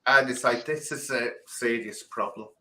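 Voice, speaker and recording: A man's voice: mid-range voice, normal speed, rough recording. A man hosting a casual live stream, telling stories with emphatic repetition. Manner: animated storyteller, emphatic repetition. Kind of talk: casual chat.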